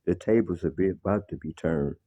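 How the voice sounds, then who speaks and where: 60s chicago guy calling in, mellow husky low voice, keeps preaching at ya, muffled call sound. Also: brisk. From Chicago, Illinois. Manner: preachy, insistent, repeats "let me tell you". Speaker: caller. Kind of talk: call-in talk on a livestream. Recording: dull lo-fi call audio.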